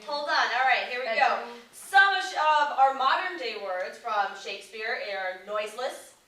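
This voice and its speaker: Bright, high-voiced eager woman. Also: animated, moderate pace. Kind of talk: classroom presentation. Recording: echoey room from far off.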